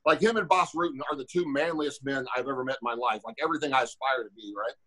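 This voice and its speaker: A man's voice: mid-range voice, quick pace, low-quality recording. A man in his forties, a former fighter, telling a rambling, profane story on a podcast and acting out the voices of the people in it. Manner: animated, acts out quoted dialogue.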